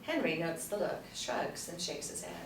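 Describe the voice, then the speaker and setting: A woman reading the stage directions at a screenplay table read in a steady, plain manner. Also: fairly low pitch, normal speed, gravelly. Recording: roomy, distant mic, faint background hum.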